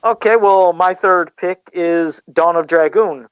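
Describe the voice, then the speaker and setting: Higher-pitched guy retelling a cartoon episode on a podcast, dry close sound, kinda lo-fi. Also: a little slow, clean tone, dry recording. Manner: animated storytelling, recapping plots. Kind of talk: casual podcast chat. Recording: dry, dull lo-fi podcast audio.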